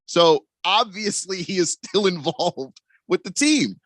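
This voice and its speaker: A man co-hosting a sports talk radio show, explaining things in a measured, casual way. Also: sits high, lively intonation, fairly bright tone, dry recording.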